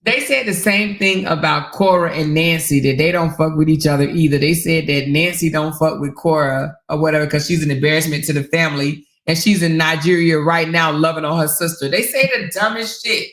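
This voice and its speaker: A woman hosting her own stream, talking bluntly and swearing freely to her viewers, with laughter breaking in often. Her voice is sharp and bright, and it bounces around an echoey room. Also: low voice, fairly quick, hardly any pauses. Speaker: channel host. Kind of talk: casual live-stream commentary.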